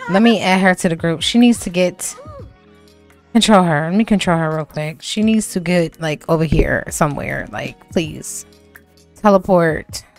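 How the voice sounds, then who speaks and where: A woman's voice: on the low side, moderate pace, vocal fry, faint music behind. A woman commenting on her life-sim game as a let's play host, dramatic and slangy, full of exclamations and swearing.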